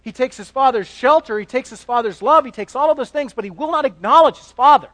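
High-voiced preacher with dry close sound. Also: male voice, fast talker, hardly any pauses, no echo, rough recording. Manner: dynamic, swings between hushed asides and loud emphatic passages; repeats words and restarts while building a point. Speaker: pastor. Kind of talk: sermon.

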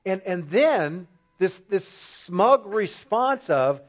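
A man's voice: high voice, very animated, drawn-out words. A man preaching an expository sermon, asking the congregation rhetorical questions and repeating phrases for emphasis.

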